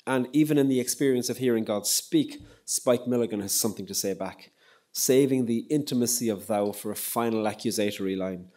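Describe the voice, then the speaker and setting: A man giving a public lecture on poetry and prayer, in a measured, reflective way with frequent pauses. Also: mid-range voice, warm tone. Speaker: lecturer and poet. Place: lecture hall.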